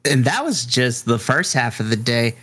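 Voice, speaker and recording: A man, a middle school teacher, co-hosting a casual podcast chat and telling a classroom story in an animated, blunt, frustrated way. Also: medium pitch, moderate pace, slight background noise.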